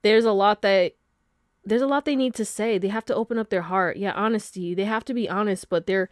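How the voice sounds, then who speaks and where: A woman reads tarot cards for her viewers in a loose, chatty way, often laughing and dropping slangy asides. Her voice sits at a middle pitch. The recording is dry and close to the mic. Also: brisk, dry recording. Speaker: tarot reader. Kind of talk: casual pick-a-card tarot reading.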